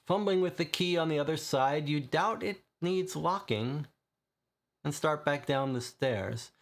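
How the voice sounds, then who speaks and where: A man's voice: fairly high pitch, unhurried. A man reading a gamebook aloud to viewers and explaining his choices as he goes. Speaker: player and reader of a gamebook. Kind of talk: reading a game aloud with commentary.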